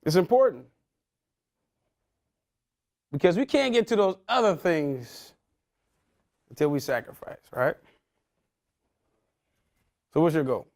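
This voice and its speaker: Lively high-voiced male motivational speaker. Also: slow, vocal fry, long pauses. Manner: animated, quizzing the audience with casual slang. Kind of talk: interactive talk to a young audience.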